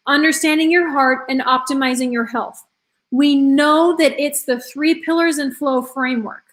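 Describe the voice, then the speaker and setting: A woman health and confidence coach giving an enthusiastic live online presentation, telling a story and speaking straight to her audience. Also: high voice.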